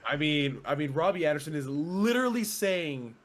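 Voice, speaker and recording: A young man co-hosting a sports podcast in casual chat, dry and sarcastic, often answering with short low remarks. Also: animated, normal speed, hardly any pauses. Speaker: podcast co-host.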